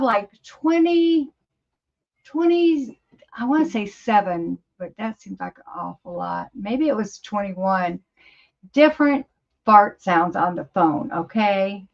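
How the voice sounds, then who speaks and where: A chatty woman over fifty talks to her livestream viewers at an unhurried, slow pace, wandering from thought to thought and easily amused. Her voice sits at an ordinary middle pitch. The audio is a bit dull and lo-fi, like a home stream. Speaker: livestream host. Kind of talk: casual livestream chat with viewers. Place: home studio, indoors.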